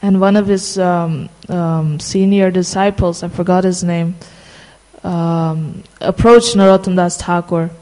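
A casual storyteller recounting a sacred tale, pausing on fillers and stretching out key phrases. The voice sits at a middling pitch. A long reverb trails behind every word. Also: flat delivery, a little mellow. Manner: halting, many fillers and restarts, slows for emphasis.

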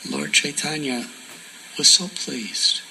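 A man giving a sermon as a devotional story, soft-spoken and often dropping to a near whisper for emphasis. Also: on the high side, slow pace, vocal fry, a little hiss or hum, poor audio. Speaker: spiritual teacher.

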